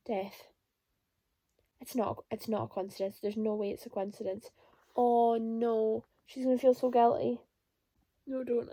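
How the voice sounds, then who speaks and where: Brief: young woman, book vlogger, high voice with vocal fry, gushing reactions. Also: mellow, no room sound. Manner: emotional, exclamatory reactions. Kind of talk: casual reading vlog.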